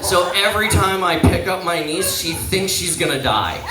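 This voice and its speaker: A man's voice: high voice, expressive, unhurried, loud music behind the voice. A young man performing a rambling, self-deprecating stand-up set in a small pub, often trailing off and restarting. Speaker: stand-up comedian. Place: small pizza pub stage. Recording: echoey room, far from mic.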